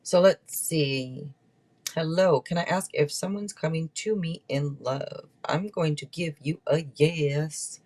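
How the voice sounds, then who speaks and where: A woman's voice: deep voice, slow, a little mellow. A woman hosting a live tarot stream, chatting casually and rambling through card meanings. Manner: chatty and rambling, with many restarts.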